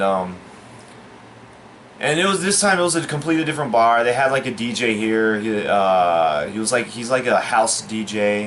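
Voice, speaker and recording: A man telling a personal story in a casual, rambling way, halting often with fillers and restarts, sounding baffled and aggrieved. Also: fairly low pitch, a bit bright, a little hiss or hum. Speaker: storyteller vlogger.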